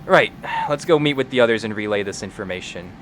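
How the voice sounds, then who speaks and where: A man's voice: lowish voice, expressive, fast, a bit bright, a little hiss or hum. A man voicing a young tiefling woman who asks polite, probing questions. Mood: curious.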